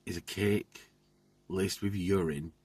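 A man chatting casually, telling things in a slow, playful way. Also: deep voice, steady tone, darkish tone, husky. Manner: slow, playful storytelling with comic voices. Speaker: community member. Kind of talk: casual chat.

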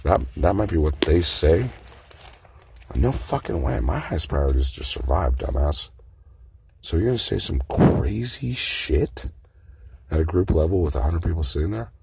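Gravelly, very deep-voiced man ranting. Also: animated, normal speed, darkish tone, slight background noise. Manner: profane, agitated ranting. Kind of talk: casual unscripted monologue.

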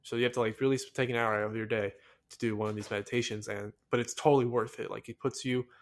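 Young guy from the states rambling on his podcast, all excited, tons of ums and restarts. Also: medium pitch, quick pace. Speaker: podcast host. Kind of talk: casual solo podcast monologue.

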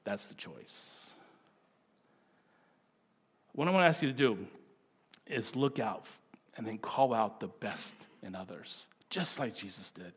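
A man's voice: fairly high pitch, husky. A middle-aged man with a New Zealand accent preaching a sermon as a pastor, conversational and at times playful. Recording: long hall reverb.

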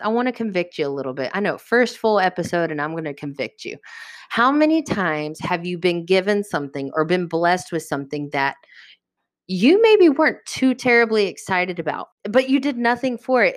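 A woman hosting a podcast, teaching a casual Bible study in a lively, chatty way and acting out the characters. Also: on the low side, moderate pace, dry recording, clean studio sound. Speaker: podcast host.

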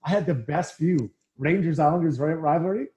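A man's voice: a little high, fairly quick, muffled recording. A middle-aged man, a former hockey player, telling casual anecdotes in an interview and acting out the quotes. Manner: animated anecdotes, acts out quotes. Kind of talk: casual storytelling.

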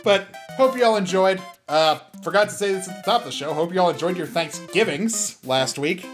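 A young man from the US hosting a casual solo show, rambling and animated, with many fillers and restarts. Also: high-pitched, a little fast, soft background music. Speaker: podcast host.

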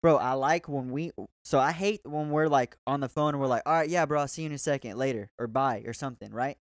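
A man's voice: medium pitch, fast talker, no room sound, clean studio sound. A young man telling a loose, profane story in casual chat, saying "bro" all the time.

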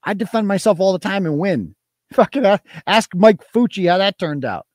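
A higher-pitched man with a Boston accent rants on his own talk show, swinging his voice up and down. He is mocking, combative and profane, and the sound is dry and close with no room around it. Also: animated, moderate pace, a little mellow, no echo. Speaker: podcast host. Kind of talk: livestream talk show rant.

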